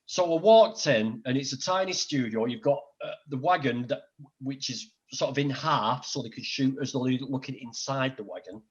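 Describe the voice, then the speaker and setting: A man's voice: mid-range voice, moderate pace, muffled recording. Blunt middle-aged Northern English man. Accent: Northern English, Greater Manchester. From Northern England. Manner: blunt, sweary, animated anecdotes. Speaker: podcast guest. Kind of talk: casual chat, storytelling.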